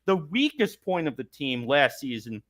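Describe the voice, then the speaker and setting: A man's voice: fairly high pitch, very animated, moderate pace, a bit bright. A man hosting a sports talk show, ranting in a fired-up, exasperated way about his team. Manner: fired-up, ranting, mocking quotes. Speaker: podcast host. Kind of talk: heated sports talk rant.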